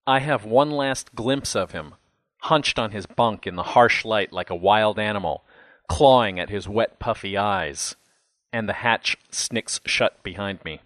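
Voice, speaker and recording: A man narrates a first-person story in a low, steady voice. His delivery is measured and intimate. The sound is dry and close, with no room around it. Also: no echo. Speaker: audiobook narrator.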